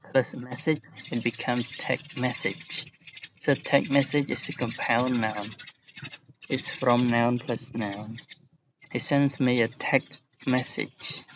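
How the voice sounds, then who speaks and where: A male English teacher talks through a lesson at an unhurried, deliberate pace, pausing to give examples. His voice sits at an ordinary pitch, and the recording is a little dull and lo-fi with a faint hiss underneath. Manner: slow, explaining patiently with examples.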